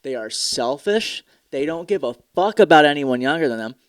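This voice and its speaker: A man's voice: fairly high pitch, lively intonation, moderate pace, clear, resonant tone, no echo, studio quality. A tired young man hosting a casual solo podcast, ranting in a profane, sarcastic, rambling way. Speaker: podcast host.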